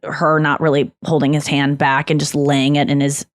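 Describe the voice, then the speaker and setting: A woman in her thirties hosts a casual podcast chat, her voice sitting a little low for a woman. She rambles in an animated way and restarts her sentences often. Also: normal speed. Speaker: podcast host.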